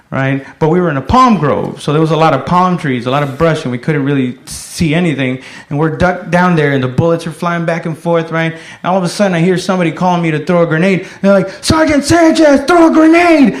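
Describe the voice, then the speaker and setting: A man performing a stand-up comedy set, telling stories in a rowdy way and bursting into loud shouted voices. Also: a little high, roomy sound.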